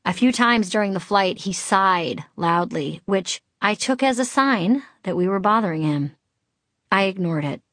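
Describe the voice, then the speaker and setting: A woman's voice: medium pitch, expressive, unhurried, a bit bright, no room sound. Brief: middle-aged woman from Boston, audiobook memoir, wry and candid, dry close-miked sound. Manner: wry, candid, comic timing. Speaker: author narrating her memoir.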